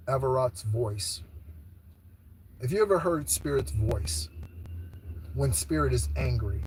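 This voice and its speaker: A husky-voiced man, middle-aged, talks through his spiritual beliefs in a loose monologue. He wanders, swears freely and keeps asking "right?" as he goes. His pitch sits at an ordinary middle level. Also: darkish tone. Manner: casual, swearing, frequent "okay?" and "right?". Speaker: spiritual channel host.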